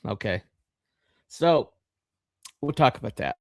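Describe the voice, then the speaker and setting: A middle-aged man hosting a podcast, talking in a rambling, halting way with lots of fillers and a wry, sarcastic edge. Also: medium pitch, expressive, creaky, no room sound, clean studio sound. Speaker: podcast host. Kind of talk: casual live-stream commentary.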